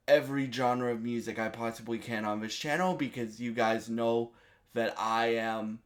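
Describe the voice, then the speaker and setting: A man reviewing a movie in a casual video, eager and halting, with many restarts and fillers. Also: mid-range voice.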